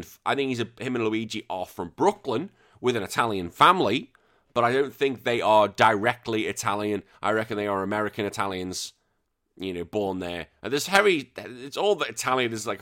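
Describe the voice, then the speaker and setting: A man's voice: medium pitch, fairly bright tone. Ranting man hosting a podcast. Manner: opinionated, ranting, many restarts. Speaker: podcast host. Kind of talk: casual solo commentary.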